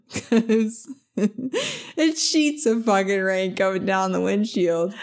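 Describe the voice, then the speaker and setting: A woman's voice: mid-range voice, darkish tone. A young woman co-hosting a podcast, telling a funny story in casual chat, swearing often and breaking into laughter. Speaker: podcast co-host.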